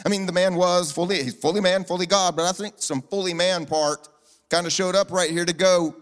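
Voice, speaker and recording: A man's voice: sits high, fairly even intonation, brisk, clear, resonant tone. A man delivering a sermon as a pastor, conversational and humorous, with chatty asides and restarts. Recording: echoing large hall, faint music.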